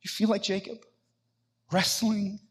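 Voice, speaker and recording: A man's voice: sits high, little pitch movement, measured pace, fairly bright tone, husky. A man preaching a sermon, earnest and conversational, acting out scripture passages with feeling. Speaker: pastor.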